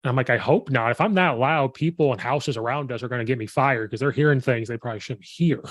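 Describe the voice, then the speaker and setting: Animated, slightly hoarse man host. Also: mid-range voice, quick pace, no room sound. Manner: animated storyteller, quotes himself, laughs often. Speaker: podcast host and football coach. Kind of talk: casual chat.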